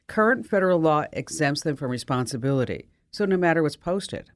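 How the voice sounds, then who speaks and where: Lively, showy female radio host. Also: on the low side, moderate pace, hardly any pauses, no room sound. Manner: energetic, showy, emphatic. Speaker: radio talk show host. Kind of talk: radio talk show monologue.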